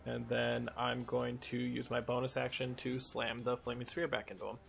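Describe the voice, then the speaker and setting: A man with a gravelly, fry-laden voice chats casually as a player in a tabletop game. He jokes and keeps an eye on the rules. Faint music sits in the background. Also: mid-range voice, completely flat delivery, normal speed, fairly bright tone. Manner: joking, rules-minded.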